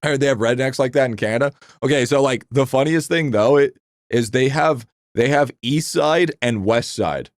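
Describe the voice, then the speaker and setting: A man hosting a live game stream, chatting casually with his chat in a rambling, profane, excitable way. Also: mid-range voice, normal speed, no echo, studio quality.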